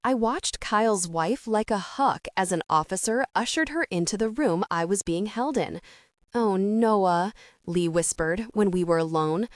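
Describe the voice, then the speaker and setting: A woman narrating a first-person audiobook with a steady, earnest reading. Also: mid-range voice, normal speed, few pauses, no echo, clean studio sound.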